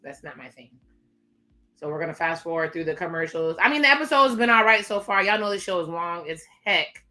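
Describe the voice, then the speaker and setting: A woman gives chatty, sassy commentary while reacting to a show. Her voice is fairly low but has a bright, forceful edge. She keeps turning to her viewers with quick asides. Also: expressive. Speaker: reaction video host.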